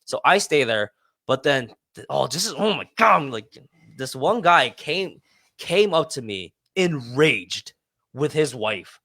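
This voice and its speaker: Male podcast co-host, fed-up storyteller, curses a lot, mid pitch, dry close sound. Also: sing-song, slow pace, bright, forceful tone, dry recording. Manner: frustrated, swears, repeats himself. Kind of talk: casual storytelling.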